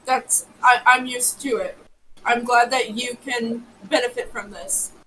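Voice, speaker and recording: A woman's voice: fairly high pitch, fairly even intonation, unhurried, sharp tone, distant mic, a little hiss or hum, poor audio. A woman playing a tabletop game, chatting casually with the game master. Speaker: player.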